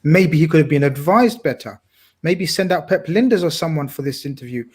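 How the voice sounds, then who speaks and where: A man's voice: fairly high pitch, animated, a little fast, a little mellow, husky. A man talking football on a casual podcast, talkative and blunt, swearing casually. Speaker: podcast co-host.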